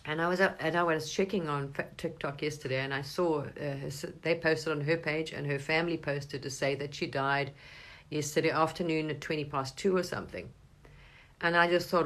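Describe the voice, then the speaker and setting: A woman giving a casual, rambling spiritual monologue to camera, talking animatedly and breaking into sudden high, excited bursts. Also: normal speed. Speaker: spiritual vlogger.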